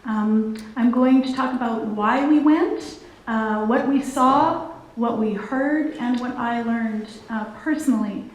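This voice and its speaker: A woman's voice: on the high side, takes it slowly. A woman giving a church talk as guest speaker, hesitant, with many fillers. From Canada. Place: church hall. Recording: echoey church hall.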